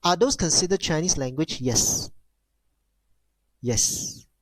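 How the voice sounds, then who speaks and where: Man, language teacher, unhurried, repeats himself, exaggerated tone demos, dry sound. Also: on the high side, lively intonation, no echo. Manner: repeats key phrases, addresses class as ladies and gentlemen; demonstrates tones with exaggerated sounds. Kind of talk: classroom lecture.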